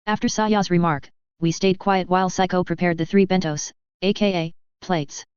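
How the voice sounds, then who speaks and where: Smooth-voiced woman reading a story. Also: on the low side, normal speed, few pauses, a little mellow, dry recording. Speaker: narrator. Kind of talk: reading fan fiction aloud. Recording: dull lo-fi recording.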